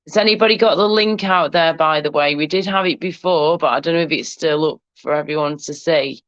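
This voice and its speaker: A woman's voice: deep voice, fairly quick, no echo, dull audio. A woman co-hosting a livestream in casual chat, teasing guests and calling everyone darling and love. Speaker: livestream co-host.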